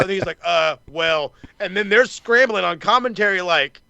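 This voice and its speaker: On a podcast, a male co-host tears through a heated wrestling recap at high speed, swearing nonstop and mockingly quoting other people. His high voice is creaky, pushed and bright, and there's a little hiss or hum on the track.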